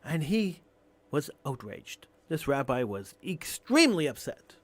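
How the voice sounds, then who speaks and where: A male radio talk show host delivering an impassioned, emphatic monologue, building to near-shouting on key points. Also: on the high side, very animated, measured pace, no echo.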